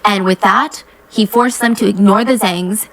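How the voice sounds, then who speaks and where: A woman hosting a true crime podcast, telling the case in an animated, conversational way with quick asides. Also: medium pitch, low-quality recording.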